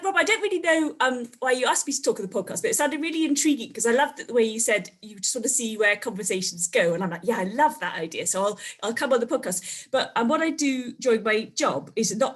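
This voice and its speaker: A woman's voice: fairly high pitch, a bit bright. A woman who works as a family historian, a guest on a podcast, talking reflectively in casual conversation and ending her points with tag questions.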